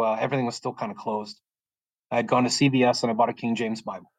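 This podcast guest, speaking from his bedroom, tells his faith testimony in an earnest, rambling way and keeps restarting his sentences. His voice is medium in pitch. The audio has no echo but is of poor quality.

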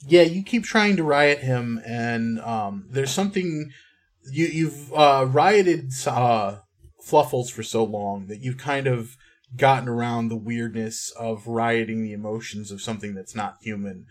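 A man's voice: medium pitch, measured pace. A man running a tabletop game as game master, describing scenes with frequent ums. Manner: descriptive, hesitant with many ums.

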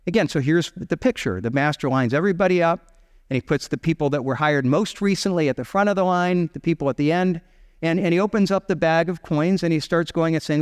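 Animated male pastor in a reverberant hall. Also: fairly high pitch, fairly quick, clear, resonant tone. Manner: animated storytelling, acting out voices of characters. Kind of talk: sermon. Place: church sanctuary.

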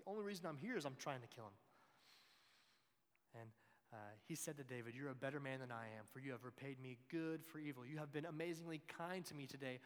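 Man preaching in a reverberant hall. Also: medium pitch. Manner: retells scripture with emphatic quoted lines. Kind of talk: sermon.

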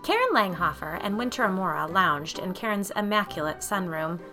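A woman podcast host narrating a spooky story in a measured, wry storytelling manner. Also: lowish voice, expressive, over music.

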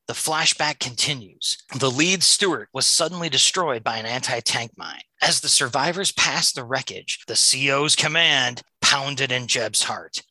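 A man's voice: mid-range voice, unhurried, hardly any pauses, sharp tone, dry recording, poor audio. A man co-hosting a comic book podcast, talking enthusiastically and reading a story synopsis aloud. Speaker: podcast co-host.

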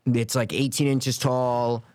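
Chill rambling guy on a podcast, cusses a bunch, middle pitch, dry close sound. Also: level tone, takes it slowly, darkish tone, no echo. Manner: laid-back, rambling and profane. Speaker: podcast co-host. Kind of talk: casual chat.

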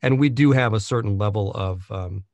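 Low-voiced male audiobook narrator. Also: normal speed, darkish tone, dry recording. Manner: thoughtful, many restarts and fillers. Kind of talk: conversational interview.

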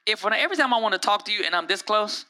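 A man preaching a sermon as pastor, lively and conversational, jumping into raised voices to act out the people he quotes. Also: high voice, very fast.

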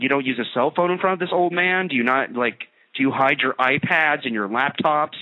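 A man's voice: medium pitch, fairly quick, hardly any pauses. A man hosting a radio talk show, telling a story in a sarcastic, ranting comedic monologue. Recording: tinny phone-like radio line.

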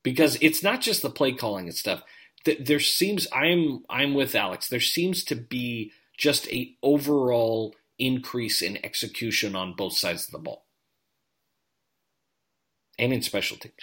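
Lively, bright-voiced man talking sports. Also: medium pitch. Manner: animated, quick restarts. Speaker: podcast co-host. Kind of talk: casual sports chat.

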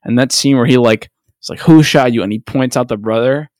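A man co-hosting a podcast, telling stories in relaxed casual chat with many fillers. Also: medium pitch, fairly quick, no room sound, clean studio sound. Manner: relaxed, storytelling, hesitant fillers. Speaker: podcast co-host.

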